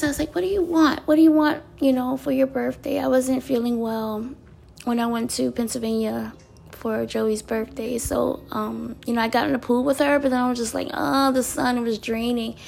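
A bubbly woman vlogger talks straight to her viewers in a high voice with a gravelly edge. She laughs often through her stories and slips into soft, breathy asides. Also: steady tone, moderate pace. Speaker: wellness vlogger. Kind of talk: casual chat to viewers.

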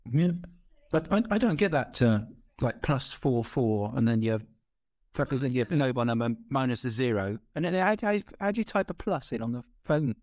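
A man's voice: mid-range voice, big pitch swings, normal speed, a little mellow. A man co-hosting a casual podcast, asking questions in a hesitant way. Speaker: podcast co-host. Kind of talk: casual chat.

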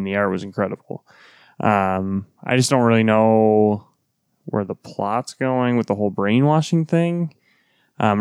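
A man's voice: on the low side, creaky, darkish tone, smooth, no echo, studio quality. A man co-hosting a podcast, arguing his views casually and swearing now and then. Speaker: podcast co-host. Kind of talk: casual chat.

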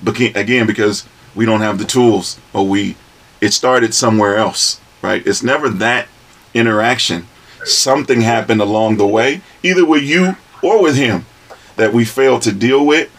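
A man, a father, in a casual group talk, explaining his views in a relaxed way with everyday analogies. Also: lowish voice, moderate pace.

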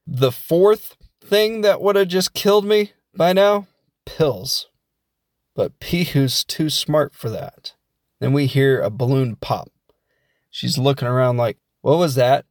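A man's voice: medium pitch, takes it slowly, no echo, studio quality. A man casually recapping a film he watched, rambling and jokey with lots of asides. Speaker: film reviewer.

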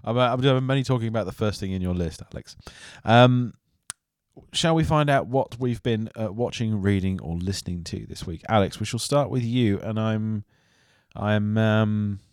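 A man hosting a podcast, his voice sitting a little low. He chats casually, laughs easily and moves the conversation along. The recording is dry and close. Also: moderate pace, darkish tone, clean tone, dry recording. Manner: laughs easily, leads the segments. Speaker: podcast host. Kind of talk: casual chat.

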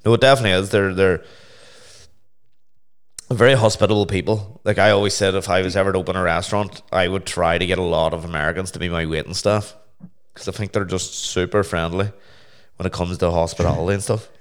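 A man's voice: low-pitched, fairly even intonation, fast talker, clean tone. A young man, talking in a laid-back casual chat and swearing freely.

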